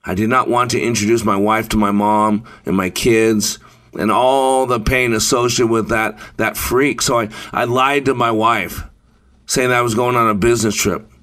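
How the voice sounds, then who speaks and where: A man's voice: lowish voice, steady tone, fairly bright tone. Man telling a dramatic first-person story. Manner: measured, dramatic, with deliberate pauses.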